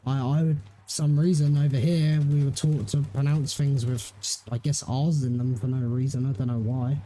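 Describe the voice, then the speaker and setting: A man with an English accent talks in a loose, rambling way while gaming, laughing easily between thoughts. His voice is very dark and mellow, with relaxed, everyday chat. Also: medium pitch, moderate pace. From England. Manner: rambling, chatty, laughs often. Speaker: streamer. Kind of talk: casual chat during a game stream.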